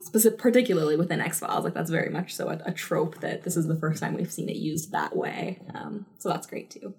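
Reviewing a TV episode in a relaxed chat, this podcast co-host, a woman in her thirties, laughs often and uses lots of fillers. She speaks fairly quickly in a low, darkish, slightly rough voice.

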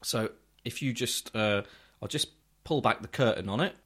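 A man's voice: on the low side, normal speed, a bit bright. A young man co-hosting a podcast, telling stories in a playful, dry joking way. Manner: playful, storytelling, dry jokes. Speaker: podcast co-host. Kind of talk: casual comedic chat.

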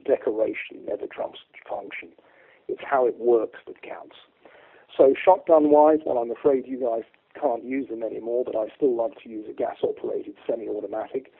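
Man, gravelly husky voice, rambling chatty guest, tinny phone-like line. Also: fairly low pitch. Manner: rambling, chatty, many fillers and restarts. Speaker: guest, shooting expert. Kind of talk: casual interview storytelling.

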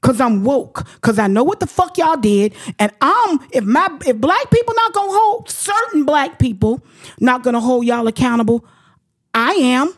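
A woman's voice: high-pitched, lively intonation, normal speed. A woman hosting a radio talk show, outspoken and profane, ranting in heated casual chat.

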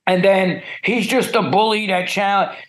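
A middle-aged man, telling stories as a musician guest in a blunt, profane and animated way. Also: high-pitched, normal speed. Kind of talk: casual storytelling.

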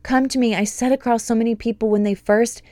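A woman in her thirties, a homeschool business coach, hosts a podcast and talks in a casual, gushing, upbeat way, rambling into excited asides. Her voice is on the high side and a little fast. The studio sound is clean and dry.

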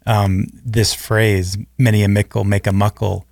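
Male co-host, low gravelly voice, halting and earnest, dry sound. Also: flat delivery, a little mellow, no echo. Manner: halting, many restarts, earnest. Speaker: podcast co-host. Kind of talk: casual podcast chat.

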